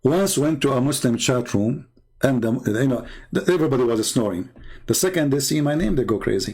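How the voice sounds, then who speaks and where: A man hosting a live debate channel, telling a mocking story in a sarcastic, jokey, animated way. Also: medium pitch, fairly quick, slightly rough.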